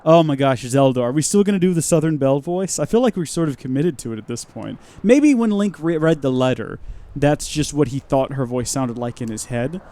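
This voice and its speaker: A man's voice: mid-range voice, expressive, a little fast, mellow. A man hosting a live game stream, with goofy, rambling and chatty commentary.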